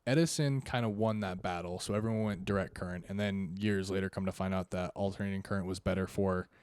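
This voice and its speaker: Low-voiced man, dry close mic. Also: fairly even intonation, fast, darkish tone, clean tone, no room sound. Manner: easygoing, short agreeing replies, jokey. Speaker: podcast co-host. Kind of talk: casual chat. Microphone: podcast microphone.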